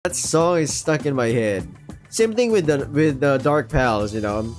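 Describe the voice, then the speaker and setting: A man's voice: medium pitch, lively intonation, a little slow. Filipino-accented man rambling over game music. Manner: rambling, self-interrupting, jokey asides. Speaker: streamer reading a visual novel aloud. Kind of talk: casual let's-play commentary and reading.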